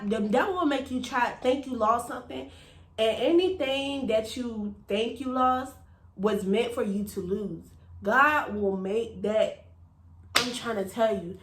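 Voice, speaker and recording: A woman's voice: fairly high pitch, fairly bright tone, roomy sound. A woman giving a personal faith testimony to her viewers in an emphatic, preachy way, repeating phrases and calling out to them as y'all. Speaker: faith vlogger.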